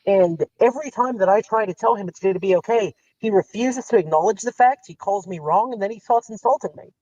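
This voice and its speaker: A man guest telling a long story in casual chat, rambling and animated, acting out the lines of others. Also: high voice, a little fast, slight background noise. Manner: rambling, animated retelling with quoted dialogue. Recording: slightly dull lo-fi sound.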